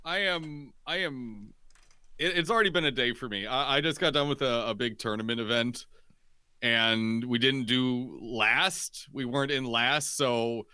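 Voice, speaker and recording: A man's voice: mid-range voice, a little slow, sharp tone, clear, resonant tone, no echo, studio quality. A man doing color commentary on a live game, a little worn out, reacting in an easygoing, incredulous way. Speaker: color analyst.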